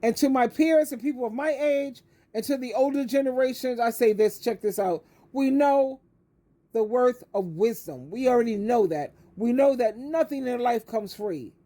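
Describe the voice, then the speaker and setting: A woman's voice: a little high, lively intonation, moderate pace, warm tone. An older woman, an advice coach, giving an emphatic, preachy monologue that repeats words for stress and calls the listener honey. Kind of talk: direct-to-camera monologue.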